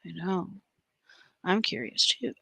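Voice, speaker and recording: Soft bright woman co-host. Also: mid-range voice, slow, creaky, slightly rough, no room sound. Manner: soft-spoken, reading comments aloud. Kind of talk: casual chat on a livestream.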